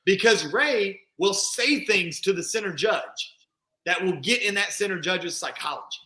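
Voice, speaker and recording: Bright high-voiced man in an echoey room. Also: expressive, measured pace. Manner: emphatic, asks rhetorical "right?". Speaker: podcast host. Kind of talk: casual chat.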